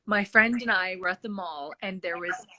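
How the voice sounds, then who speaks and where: A woman's voice: medium pitch, normal speed, noisy background. A woman in her twenties from Canada, co-hosting a casual podcast chat and telling a story through frequent laughter. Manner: giggly, storytelling, laughs often. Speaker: podcast co-host.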